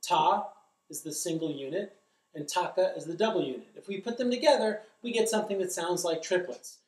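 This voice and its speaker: A man's voice: high voice, animated, brisk, a little mellow, soft background music. A middle-aged man giving a drum lesson, explaining carefully and chanting rhythm syllables aloud. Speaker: drum instructor. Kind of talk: instructional demonstration. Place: drum studio, indoors. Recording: echoey room, distant mic.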